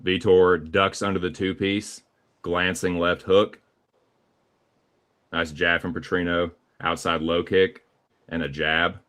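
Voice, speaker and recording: A man's voice: low-pitched, little pitch movement, slow, pauses often, fairly bright tone. A man with a Southern US accent calling live fight action play by play, casual and profane. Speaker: play-by-play commentator.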